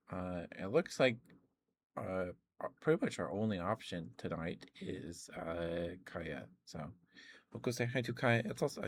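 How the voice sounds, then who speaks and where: A hoarse young man chatting casually on a stream, rambling with lots of fillers. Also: lowish voice, a little mellow, slight background noise. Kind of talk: casual chat.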